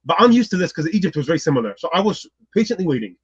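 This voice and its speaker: Husky, fast-talking man telling a story. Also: fairly high pitch, no echo, highs cut off. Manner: lively, acts out the people in his story. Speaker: guest. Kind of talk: animated personal storytelling.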